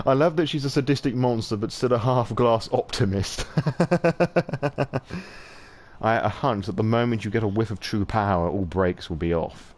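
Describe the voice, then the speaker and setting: A man with a fairly low voice reads a story game aloud on a live stream. He breaks into wry, profane asides between passages. A faint hiss runs under the recording. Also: fairly quick. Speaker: podcast host reading a visual novel aloud. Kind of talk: casual live-stream read-through.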